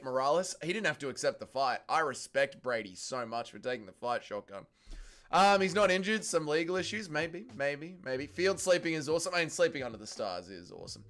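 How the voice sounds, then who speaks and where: A man with an Australian accent hosting a casual livestream, ranting in a profane, excitable way. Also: on the high side. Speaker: livestream host.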